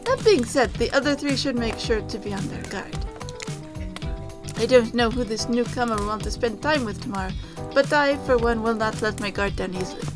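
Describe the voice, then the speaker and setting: A woman's voice: a little high, normal speed, music in the background, lightly acted. A woman voicing a feral, guarded young huntress from the woods in a put-on Russian accent, blunt and matter-of-fact.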